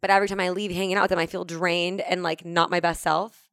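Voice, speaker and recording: A woman with a low voice and lots of vocal fry, talking reflectively in a casual chat. Her speech is full of "like", and the recording is close and dry. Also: flat delivery, fast, a bit bright, dry recording.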